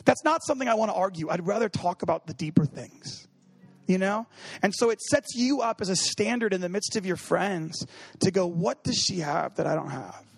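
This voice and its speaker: A man with a notably high voice preaches in a loose, joking way, dropping into quick acted-out dialogues and fillers. The sound is dry and close, with almost no room echo. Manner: humorous, acts out quoted dialogue; conversational, many fillers like 'you know what I mean'. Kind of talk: casual sermon.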